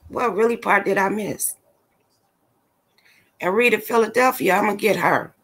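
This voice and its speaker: A woman's voice: mid-range voice, slow pace, noisy background. A woman hosting a casual livestream, ranting bluntly and with exasperation straight to her viewers. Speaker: livestream commentator.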